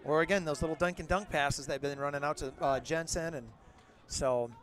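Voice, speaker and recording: A middle-aged man calling a local high school football game as play-by-play announcer, openly rooting for the home team and shouting on big plays. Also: brisk. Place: outdoors at a football field. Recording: crowd and outdoor noise behind. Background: crowd noise from the stands.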